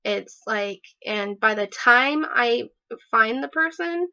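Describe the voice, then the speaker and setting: A woman's voice: on the high side, animated, slow, sharp tone. A woman vlogging casually, chatty and rambling with many fillers and self-deprecating laughs. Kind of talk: casual personal vlog. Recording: dull lo-fi sound.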